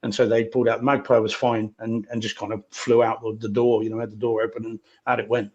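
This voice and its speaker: A man's voice: fairly low pitch, level tone, fast, darkish tone, lo-fi sound. A man co-hosting a podcast in easygoing casual chat, with a lot of murmured agreement and light teasing. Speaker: podcast co-host.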